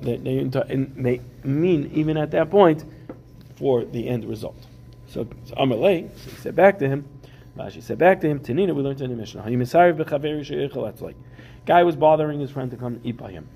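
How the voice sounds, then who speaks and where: A Talmud teacher with a mellow, gravelly, dark-toned voice reads Aramaic aloud, then unpacks it for his classroom students in relaxed English full of everyday examples. He speaks at medium pitch and a fairly quick clip, with slight background noise.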